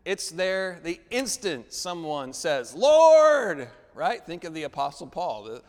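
A man's voice: on the high side, unhurried. A man preaching a sermon as the pastor, calling for amens and asking the congregation to repeat after him. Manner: call-and-response preaching, asks for amens. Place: church sanctuary. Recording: long reverb of a large church hall.

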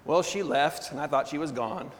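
A man's voice: a little high, normal speed. Man preaching in a reverberant hall. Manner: animated storytelling with call-and-response; laughs often between phrases. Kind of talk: sermon. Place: church hall.

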